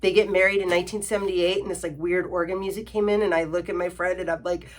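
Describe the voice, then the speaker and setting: A woman's voice: fairly low pitch, flat delivery, fast. A young adult woman reviewing films in a sarcastic, exasperated rant, full of "like" and "you know.". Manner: exasperated, sarcastic, filler-heavy ranting. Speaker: film reviewer. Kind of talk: ranting film review vlog.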